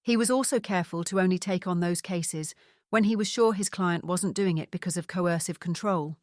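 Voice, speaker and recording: A woman narrating a mystery novel in an even, measured voice. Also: on the low side, dry recording, studio quality. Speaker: audiobook narrator. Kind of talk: scripted narration.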